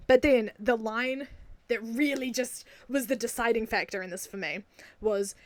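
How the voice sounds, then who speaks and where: A young woman with a New Zealand accent, chatting excitedly in a casual video, gushing and often laughing. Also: fairly high pitch, normal speed, no echo. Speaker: video creator. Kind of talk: casual enthusiastic video commentary.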